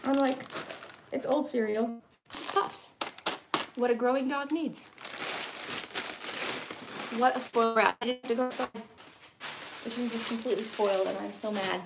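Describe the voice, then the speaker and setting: A woman's voice: fairly high pitch, steady tone, normal speed, creaky, long pauses, background noise. A middle-aged woman, chatting casually and rambling to live-stream viewers while teaching painting.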